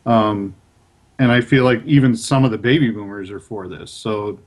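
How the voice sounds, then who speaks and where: A man's voice: lowish voice, moderate pace. A young adult man co-hosting a casual podcast chat, speaking in a conversational way and hedging his claims. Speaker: podcast co-host.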